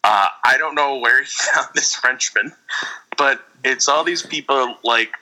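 A man co-hosting a casual podcast, rambling through an animated story with frequent laughs. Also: mid-range voice, a little slow, rough recording. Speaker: podcast co-host. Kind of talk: casual chat.

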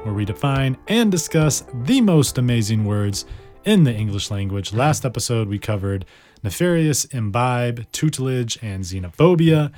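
A man's voice: medium pitch, sing-song, normal speed, a little mellow, soft background music. A man hosting a casual vocabulary podcast, playful and chatty, savoring words and joking about himself. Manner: self-deprecating asides. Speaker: podcast host.

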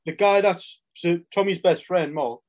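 A man co-hosting a podcast, telling a film plot in fast, sweary casual chat. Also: high-pitched, darkish tone. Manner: fast, sweary storytelling with 'aye' and 'right?'. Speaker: podcast co-host.

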